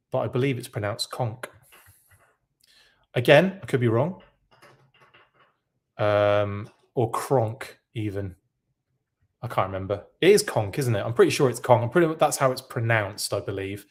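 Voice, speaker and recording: A man hosting a live podcast who reacts to news in a casual, rambling way and keeps correcting himself. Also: mid-range voice. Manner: rambling, self-correcting, chatty. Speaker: podcast host.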